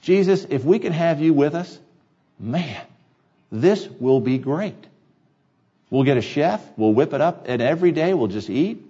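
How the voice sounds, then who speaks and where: A man's voice: fairly high pitch, animated, a little slow, mellow, breathy edge, lo-fi sound. A man preaching a sermon to his congregation, earnest and repeating key phrases for emphasis. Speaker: pastor. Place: church sanctuary.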